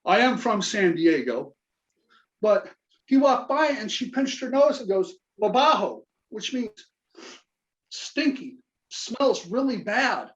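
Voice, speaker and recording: Here a Southern-accented comic from Kentucky, a forties-aged Navy veteran, works through a stand-up routine of dry, self-deprecating punchlines. He sounds high-pitched and expressive, going slowly with frequent pauses over dull audio.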